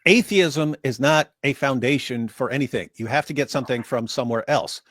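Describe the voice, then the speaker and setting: A man's voice: medium pitch, a little fast, a bit bright, no echo, studio quality. Emphatic man arguing on a stream. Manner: emphatic, arguing with repeated restarts. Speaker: stream co-host. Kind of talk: casual reaction commentary.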